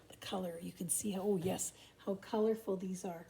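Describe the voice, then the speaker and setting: A woman's voice: medium pitch, steady tone, fairly quick, vocal fry, hardly any pauses, noisy background. An older grandmother reading a picture book aloud and stopping for chatty asides. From Canada.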